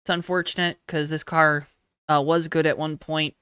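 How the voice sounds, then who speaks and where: Young male podcast host, bright clear voice, rambling explainer, dry close mic. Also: on the high side, flat delivery, normal speed, no room sound. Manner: rambling, lots of ums, explains at length. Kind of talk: casual chat.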